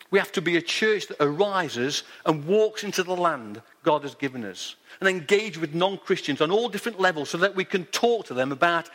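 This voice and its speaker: A man's voice: a little high, a bit bright. Earnest preacher man in a reverberant hall. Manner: earnest storytelling, repeats his point. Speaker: pastor. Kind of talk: sermon.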